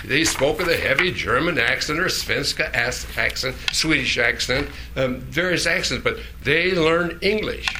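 A man preaching a sermon as pastor, often chuckling and correcting himself with quick asides. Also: medium pitch, animated, background noise.

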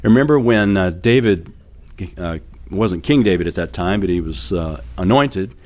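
A middle-aged pastor delivers a sermon in a relaxed, conversational way. He tells stories with everyday fillers and light laughter. His voice sits a little low. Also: moderate pace.

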